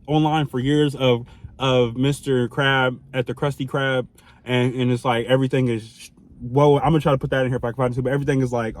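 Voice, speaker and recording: A young man tells a storytime in a loose, chatty way, his voice sitting at a middle pitch. He gets animated and laughs a lot, jumping from loud outbursts to quiet, hushed asides. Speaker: vlogger. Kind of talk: casual storytime.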